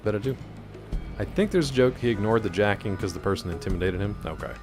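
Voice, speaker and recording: A man's voice: lowish voice, animated, quick pace, over music. A man casually commenting while playing a game, rambling through a story with lots of fillers. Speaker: gaming streamer. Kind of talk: casual let's-play commentary.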